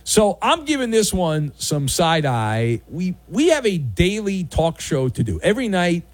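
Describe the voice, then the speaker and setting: A male sports talk host with a lively, bouncing delivery and a slightly high voice. He is sarcastic and mocking, with dry, close sound. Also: measured pace, dry recording. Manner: sarcastic, mocking, acts out little skits. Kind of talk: opinionated sports commentary.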